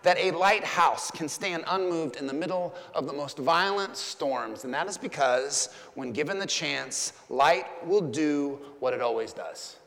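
A man's voice: on the high side, unhurried, vocal fry, few pauses, fairly bright tone, big-room sound. Man preaching a rhythmic, emphatic sermon. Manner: storytelling with emphatic, rhythmic build-ups. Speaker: pastor.

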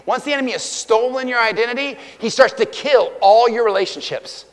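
A pastor with a very high voice preaches a sermon a little fast in a reverberant church auditorium. His emphatic delivery swings between loud and hushed.

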